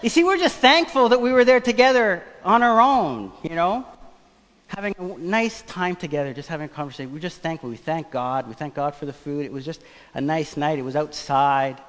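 A man preaching a sermon, telling a personal story in a conversational, animated way. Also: on the high side, a little fast. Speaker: pastor. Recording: long church reverb.

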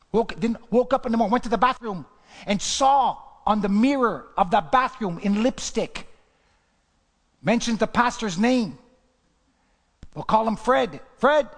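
A man preaching a sermon in a repetitive, rhythmic cadence, swinging from shouts to near whispers. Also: high voice, long reverb tail. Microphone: livestream to online viewers.

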